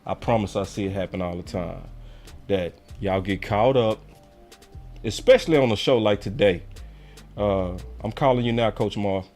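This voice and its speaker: A man's voice: on the low side, moderate pace, darkish tone, soft background music. A man hosting a live call-in fan show, talking in a loose, slangy way and pressing viewers to hit like. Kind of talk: casual live-stream chat.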